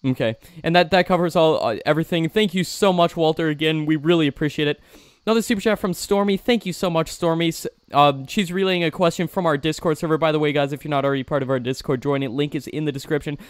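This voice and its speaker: An upbeat young man hosts a live stream, reading viewer questions and thanking donors again and again. His voice is slightly high, smooth and clear. The sound is dry and close. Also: fast, dry recording. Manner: upbeat, effusive thanks, repeats himself.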